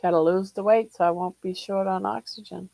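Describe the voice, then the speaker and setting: An older woman from Ohio hosting a casual livestream chat, short of breath, talking in a slow, relaxed way and greeting viewers by name. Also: mid-range voice, vocal fry, dry recording, poor audio. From Ohio, USA. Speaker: livestream host.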